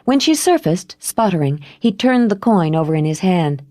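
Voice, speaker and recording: A woman reads a novel aloud in a low, measured voice, giving the prose an expressive lift. The recording is dry and close, with no room sound around her. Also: dry recording. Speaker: audiobook narrator. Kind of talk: scripted narration.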